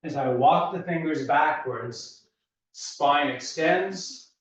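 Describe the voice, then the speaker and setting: A man's voice: a little high, slow. Out-of-breath man coaching a workout, echoey room. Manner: calm, steady coaching cues. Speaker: fitness instructor. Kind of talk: guided workout instruction. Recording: echoey room, voice from far off, dull sound.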